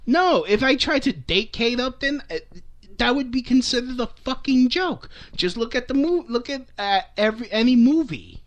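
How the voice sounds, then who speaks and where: The sound is lo-fi, and the young man's voice is very high-pitched and animated at a moderate pace. As a vlogger, he rants comically to camera in a rambling way, cursing often, restarting and laughing frequently.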